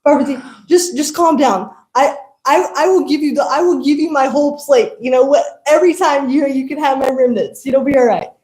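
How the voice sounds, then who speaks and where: A woman voicing a calm, soothing male god who makes promises. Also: sits high, a little fast, roomy sound, natural voice.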